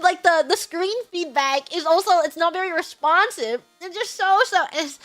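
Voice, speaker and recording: A woman streamer telling a story in casual chat, animated, laughing often and acting out the lines she quotes. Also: very high voice, moderate pace, few pauses.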